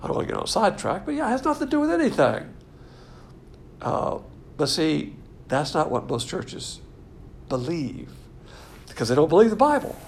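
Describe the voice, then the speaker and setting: A man's voice: on the high side, sing-song, moderate pace, vocal fry, pauses often, a little hiss or hum. A man preaching a casual sermon, joking and mimicking imagined people in quoted voices.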